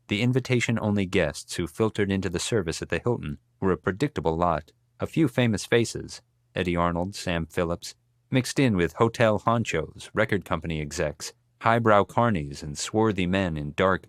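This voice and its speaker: Deep-voiced male audiobook narrator. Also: no echo, clean studio sound. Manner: measured, steady storytelling. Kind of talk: scripted narration.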